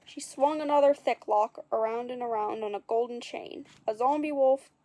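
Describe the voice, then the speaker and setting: A woman's voice: fairly high pitch, moderate pace, warm tone. A woman reading a children's story aloud, with playful asides to the listeners.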